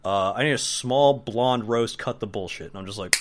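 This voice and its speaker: A man's voice: medium pitch, moderate pace, fairly bright tone. A young man, a guest on a podcast, telling casual stories with swearing and acting out his own retorts. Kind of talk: casual chat.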